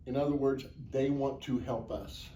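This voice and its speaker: A man's voice: medium pitch, fairly even intonation, normal speed, mellow, recorded from a distance. A man answering interview questions as the organizer of a charity motorcycle ride, plainspoken, earnest and rambling. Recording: echoey, off-mic, faint background noise.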